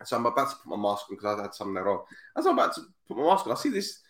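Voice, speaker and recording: A man hosts a football podcast and tells his stories with lots of repetition, acting out each voice. His pitch rises and falls a great deal. The room around him gives the voice a noticeable echo. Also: very fast. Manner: animated storyteller, acts out voices, repeats himself. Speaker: podcast host. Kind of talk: casual football podcast chat.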